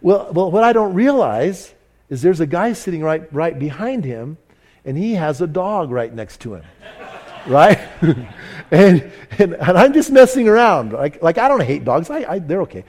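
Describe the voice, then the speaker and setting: A man's voice: on the high side, big pitch swings, normal speed, darkish tone. A man preaching a sermon in church, telling a story animatedly and mocking himself, with frequent restarts. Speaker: pastor. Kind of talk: sermon with anecdote. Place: church service.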